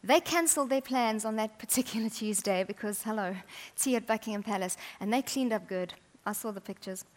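A woman preaching a sermon, chatty and humorous, often dropping to soft, intimate tones. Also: on the high side, fairly quick, hardly any pauses.

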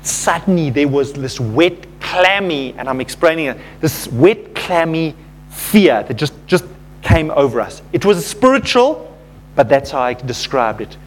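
High-voiced male preacher telling a story. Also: sing-song, a little slow, slight background noise. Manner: storytelling, addresses the congregation as folks, rising to fervent intensity. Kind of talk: sermon.

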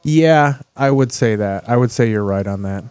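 Man, thirties, crude jokes, mellow tone, dry close sound. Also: mid-range voice, moderate pace, clear, resonant tone, no echo. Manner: crude, joking, riffing. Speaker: podcast host. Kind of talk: casual chat watching TV.

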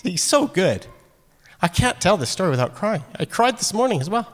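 A man preaching a sermon in a casual, animated way, acting out quoted lines. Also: high-pitched, normal speed. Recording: long hall reverb.

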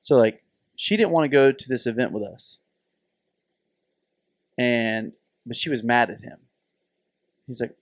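A man's voice: medium pitch, moderate pace, pauses often, no room sound, clean studio sound. A middle-aged man co-hosting a podcast in casual chat, telling stories animatedly and acting out the voices. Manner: animated storytelling, acts out voices. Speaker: podcast co-host.

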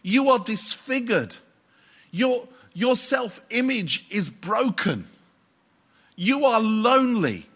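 A man's voice: very high-pitched, very animated, takes it slowly, a bit bright, husky, pitched above the performer's own voice, heavily acted. A man preaching a sermon and voicing Jesus as an impassioned grown man who exclaims in disbelief. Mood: incredulous.

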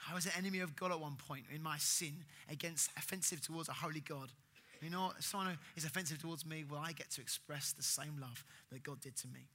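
A male preacher with a strikingly bright, forward voice that sits slightly high for a man. He talks earnestly and with emphasis, swelling up for key points and falling soft again. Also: fast talker, slight background noise. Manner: earnest, emphatic, rising for stress then dropping soft. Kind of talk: sermon.

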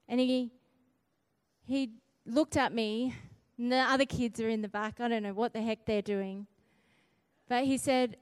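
A middle-aged woman preaching, telling a story in an animated, emphatic way and repeating key phrases for weight. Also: a little high, moderate pace, smooth, no echo. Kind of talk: storytelling sermon.

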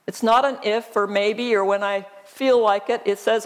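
A woman pastor preaching a sermon, reading scripture aloud in a deliberate, emphatic way. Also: medium pitch, steady tone.

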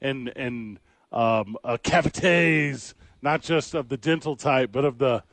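A man's voice: medium pitch, a little slow, fairly bright tone, dry recording. A man co-hosting a sports radio show, joking and rambling in casual banter. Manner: jokey, rambling, playful.

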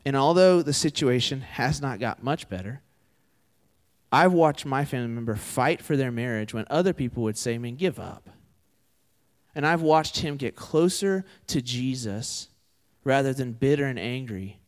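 A man in his twenties gives a sermon in a relaxed, conversational way, often turning questions to the audience. His voice sits in a middle range. The sound carries a long reverb, as in a big hall. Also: mid-range voice, normal speed. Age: 20s.

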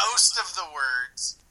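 Bright-voiced man ranting with profanity. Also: high-pitched, expressive, extremely slow, slight background noise, low-quality recording. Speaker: podcast co-host. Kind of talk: casual podcast chat.

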